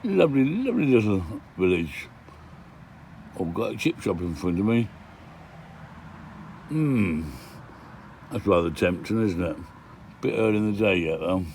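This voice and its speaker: A man's voice: fairly low pitch, expressive, unhurried, long pauses, darkish tone, a little hiss or hum. An older man chatting casually through a travel vlog, with grumbling asides tagged "eh?", filmed on a handheld camera outdoors and from his van. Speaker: van life vlogger. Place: outdoors and in a van, touring villages.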